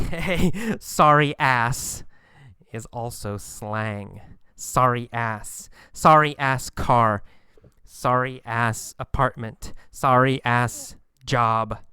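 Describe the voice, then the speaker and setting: A man teaching English vocabulary, explaining slang slowly and patiently, repeating words and examples and acting out lines with sudden bursts of energy. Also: mid-range voice, bright, forceful tone, smooth, no room sound. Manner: acts out lines and engine sounds with bursts of volume.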